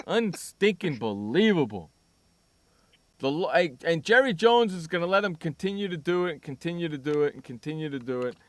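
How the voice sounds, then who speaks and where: A man's voice: fairly high pitch, sing-song, fairly quick, no room sound. A man hosting sports talk radio, ranting bluntly and sarcastically about a player.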